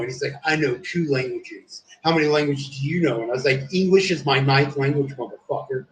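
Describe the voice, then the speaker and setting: A man's voice: mid-range voice, fairly quick, hardly any pauses. A man telling a long story in casual chat, swearing constantly and saying "dude" a lot. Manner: profane, rambling, says "dude" often. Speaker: streamer. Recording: roomy, distant from the mic.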